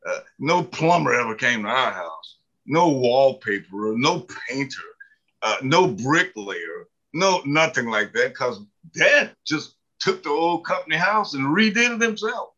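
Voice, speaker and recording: A man's voice: mid-range voice, sing-song, a little slow, sharp tone, dull audio. A man in his seventies from the mountains of the American South, telling folksy, humorous stories as an interview guest. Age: 70s. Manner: folksy, humorous, many fillers. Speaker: author and guest. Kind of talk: storytelling interview.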